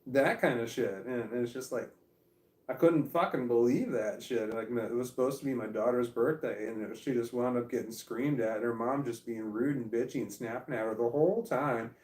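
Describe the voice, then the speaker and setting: A middle-aged man talks to camera in a loose, rambling way. He drops curses freely and keeps stopping and restarting his sentences. His voice sits at an ordinary male pitch, and the sound bounces around an echoey room. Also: moderate pace, darkish tone, far from the mic. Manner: rambling, profane, frequent restarts. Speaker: vlogger. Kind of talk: casual storytelling.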